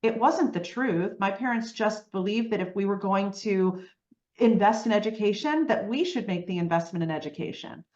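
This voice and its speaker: A woman guest on an interview podcast, telling her story in a lively way and often asking "right?". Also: mid-range voice, normal speed, reverberant, dull audio. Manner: animated storytelling, frequent "right?" tags.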